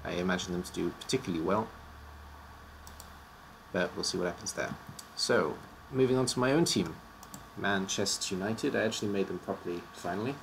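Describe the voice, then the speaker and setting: A man's voice: deep voice, brisk, creaky, slight background noise. A man casually presenting teams on a live stream, his voice slightly worn out, joking and stumbling over odd names.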